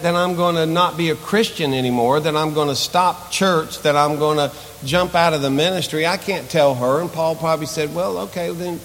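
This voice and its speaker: A man's voice: fairly high pitch, fairly bright tone, long reverb tail, a little hiss or hum. A male pastor preaching a sermon with impassioned, repetitive rhetorical questions, in a church sanctuary.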